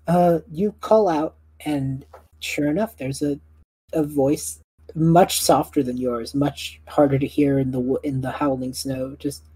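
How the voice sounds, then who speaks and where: A woman's voice: sits low, steady tone, measured pace, dark tone, breathy edge, dry recording, low-quality recording. A woman game master narrating a tabletop game, often hesitating and restarting.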